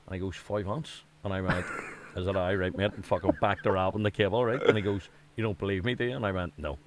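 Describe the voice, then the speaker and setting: A man's voice: sits low, fast, noisy background. A man with a Northern Irish accent hosting a casual chat, telling stories with lots of swearing. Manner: swearing, lively storytelling with put-on quotes. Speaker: podcast host.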